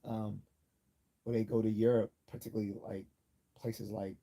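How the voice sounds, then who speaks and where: A man's voice: lowish voice, level tone, moderate pace, creaky, warm tone. A man hosting a livestream, talking casually and rambling, with many fillers, restarts and small chuckles. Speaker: livestream host.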